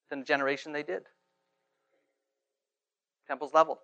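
A man preaching a sermon in church, swinging from hushed to loud and asking rhetorical questions. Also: a little high, little pitch movement, brisk, gravelly, muffled recording. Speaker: pastor.

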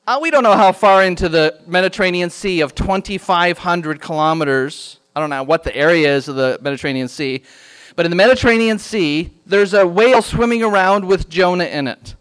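A man teaching a children's Bible lesson in a church classroom, animated and quizzing the class with questions. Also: high-pitched, a little fast, few pauses, clean tone.

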